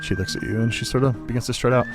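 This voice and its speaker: A man's voice: mid-range voice, level tone, very fast. A man narrating a tabletop game as game master, loose and rambling with lots of fillers. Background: guitar music.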